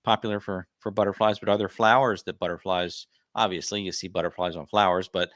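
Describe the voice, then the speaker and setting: A man's voice: low voice, steady tone, brisk, a bit bright, dry recording, studio quality. A man hosting a gardening livestream, chatty and friendly, announcing giveaways and asking questions. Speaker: livestream host.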